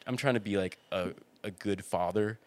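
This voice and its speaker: Low-voiced young man telling a story. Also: normal speed. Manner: animated storyteller, acts out quotes, laughs often. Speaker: campus EMT and podcast guest. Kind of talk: casual storytelling.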